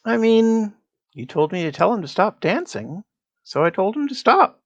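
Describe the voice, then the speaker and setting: A woman voicing a cunning fey dragon who bargains slowly and teasingly. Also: medium pitch, very animated, highs cut off, voice pushed up. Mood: sly. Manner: slow, teasing, sly dealmaker.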